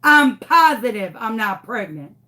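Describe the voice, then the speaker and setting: A woman's voice: on the high side, very animated, measured pace, bright, forceful tone. A young woman telling a story in a casual, dramatic way, acting out the voices of the people in it. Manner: dramatic, exaggerated retelling with quoted voices. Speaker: craft vlogger.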